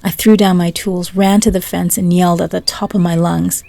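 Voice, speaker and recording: A woman's voice: lowish voice, level tone, normal speed, gravelly, mellow, no room sound. A woman storyteller reading short stories and jokes aloud in a dry, matter-of-fact way.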